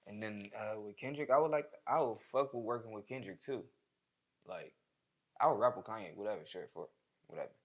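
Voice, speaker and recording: A young rapper talks in a low, laid-back voice, full of slang. His lines often fade away softly. The conversation stays loose and unhurried. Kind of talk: casual chat.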